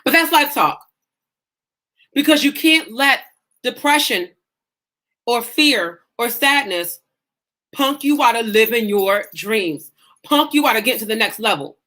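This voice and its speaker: A woman life coach leads a live-streamed lesson in an emphatic, folksy, preacher-like way. Her voice sits a little high and comes across bright and forceful. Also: expressive, measured pace, pauses often. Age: adult mother.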